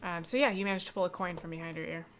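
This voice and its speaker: A woman narrating as game master, relaxed and chatty with lots of fillers. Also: on the low side, very fast, slight background noise.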